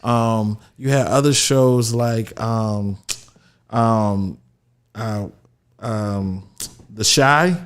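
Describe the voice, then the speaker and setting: A man from Florida hosting a casual chat about TV shows, relaxed, with lots of fillers and "you know". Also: fairly low pitch, extremely slow, pauses often, clean tone. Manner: laid-back, many fillers and "you know". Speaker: host.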